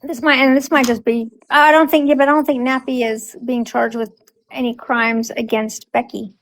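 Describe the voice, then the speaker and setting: A woman's voice: on the high side, steady tone, moderate pace, low-quality recording. A woman co-hosting a casual group discussion, explaining emphatically and acting out quotes.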